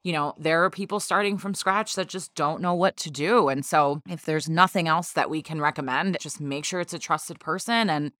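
A woman's voice: deep voice, normal speed, hardly any pauses, a bit bright, dry recording, clean studio sound. A woman in her thirties co-hosting a podcast, chatty and upbeat, laughing easily and saying "like" a lot. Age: 30s. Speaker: podcast co-host. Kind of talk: casual podcast chat.

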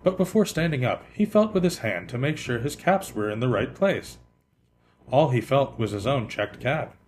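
A man hosting a podcast, reading a children's picture book aloud in an expressive way that slows down for effect. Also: mid-range voice. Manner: expressive, lively, slowing for effect.

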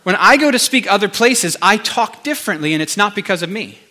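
A male pastor giving a conversational sermon, animated, with chatty asides to the congregation. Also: high voice, fairly quick.

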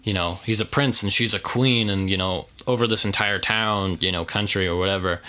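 A man's voice: low-pitched, fairly even intonation, a little fast, sharp tone. A man co-hosting a movie podcast, chatting casually with a rambling, joking manner and lots of fillers. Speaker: podcast co-host. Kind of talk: casual movie review chat.

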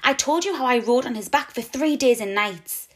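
A woman voicing a tiny, cheeky, boastful male mouse who squeaks and shouts with excitement. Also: moderate pace. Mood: proud chatter.

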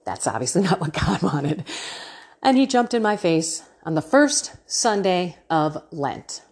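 A woman's voice: lowish voice, sing-song, unhurried, husky. A woman hosting a faith podcast, talking in an earnest, chatty way and laughing often. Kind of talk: casual faith podcast talk.

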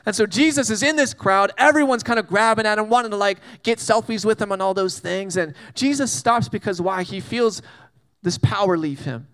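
A man's voice: sits high, normal speed, a bit bright. A man preaching a casual sermon, telling a Bible story with jokes and acted-out asides. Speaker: pastor.

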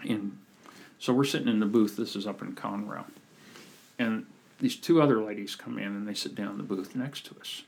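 Husky man telling animated stories. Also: lowish voice, normal speed. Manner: animated storyteller, acts out quoted people. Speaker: podcast guest, communication coach. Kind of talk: casual storytelling chat.

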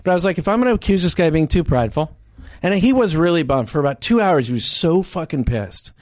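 A man's voice: on the high side, expressive, quick pace, a little mellow, no room sound, studio quality. A man co-hosting a casual podcast, telling a story and acting out both sides of an argument with many restarts. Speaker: podcast co-host.

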